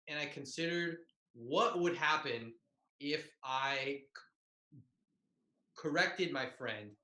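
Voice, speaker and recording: A man's voice: fairly high pitch, sharp tone, echoey room, poor audio. A young man and comedian telling a tag-team story in a loose, profane, self-mocking way over a video call. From Bay Area, California.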